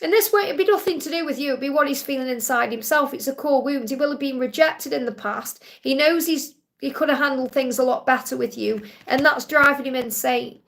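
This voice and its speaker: High-voiced woman reading cards. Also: brisk, gravelly, few pauses, a bit bright. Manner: soothing, chatty, frequent "okay?" check-ins. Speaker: psychic card reader hosting live Q&A. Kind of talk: live-stream tarot reading.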